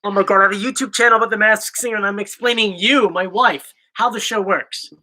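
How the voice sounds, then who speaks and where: A man's voice: high-pitched, quick pace. A young man from South Jersey with a South Jersey accent, hosting a casual Q&A chat in a joking, rambling way. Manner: joking, rambling, animated explainer. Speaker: channel host.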